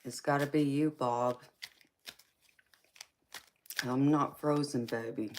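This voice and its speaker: A woman's voice: extremely low pitch, a little hiss or hum. A woman with a Southern American accent, hosting a casual live stream and chatting with her viewers, calling them baby and honey. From California. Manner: warm terms of endearment, slow relaxed talk. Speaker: tarot reader and live stream host.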